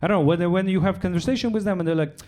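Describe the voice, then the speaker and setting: A young man from Russia with a Russian accent, doing a chatty stand-up set on stage and tagging his lines with "yeah?". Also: racing. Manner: drops into deadpan low voices for quoted lines. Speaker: stand-up comedian. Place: comedy club stage.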